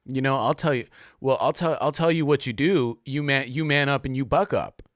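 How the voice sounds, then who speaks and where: A man's voice: mid-range voice, fairly quick, no room sound, studio quality. A young adult man hosting a casual solo podcast monologue, rambling and slangy, full of fillers as he tells a story. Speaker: podcast host.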